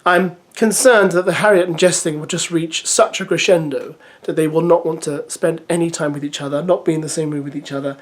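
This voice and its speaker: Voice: mid-range voice, fairly even intonation, brisk, hardly any pauses. Vlog host, casual recap, reads press notes aloud, chatty, opinionated asides.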